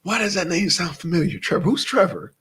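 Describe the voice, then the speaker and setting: A man with a high-pitched, brisk voice and a breathy edge hosts a live stream, chatting casually with viewers. He reads out names from chat and fires off questions, staying animated, bursting into shouted questions and muttering to himself.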